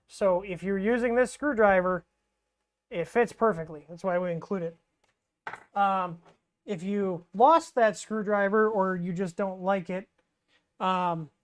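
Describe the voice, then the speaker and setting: A woman chats loosely through a home livestream, trailing off and restarting mid-sentence. Her voice sits at an ordinary middle pitch, and her delivery is unhurried and full of "um" and "anyways". She sounds like she is talking over a desk mic to viewers. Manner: rambling, relaxed, many fillers and restarts. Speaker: livestream host answering 3D printer questions. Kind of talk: casual live Q&A chat.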